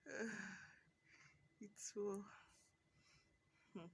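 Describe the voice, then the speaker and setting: A young woman vlogging from a hospital ward while in labour. She talks softly and often half-whispers, pausing through the pain. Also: fairly low pitch, flat delivery, a little hiss or hum. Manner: slow, soft-spoken, often half-whispered. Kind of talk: personal labour vlog.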